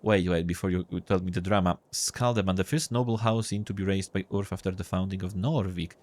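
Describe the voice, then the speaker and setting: A man's voice: sits low, steady tone, fairly quick, darkish tone. A man casually commenting on a game as he plays, joking and swearing as he reads the text aloud. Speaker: gameplay video host.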